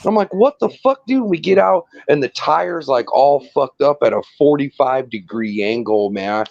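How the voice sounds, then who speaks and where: A man's voice: mid-range voice, normal speed, vocal fry, darkish tone, dry recording, lo-fi sound. A man telling a long rambling story in casual chat, swearing and laughing often.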